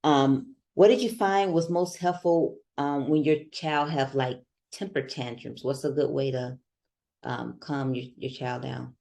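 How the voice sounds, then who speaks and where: Podcast host: woman with a low voice, conversational and relatable. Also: steady tone, unhurried, vocal fry, warm tone. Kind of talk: casual podcast interview.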